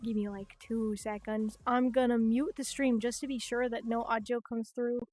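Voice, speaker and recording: A young woman streamer chatting casually on a livestream, rambling and swearing, with sudden expressive rises in pitch. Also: moderate pace, dry recording. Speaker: VTuber streamer.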